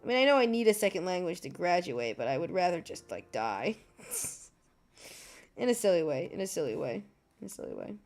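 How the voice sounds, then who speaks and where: A woman's voice: lowish voice, very animated, moderate pace, a little mellow, faint music behind. A woman streaming her art, chatting casually and muttering exasperated asides to herself, swearing and laughing as she goes. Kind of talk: casual chat while drawing.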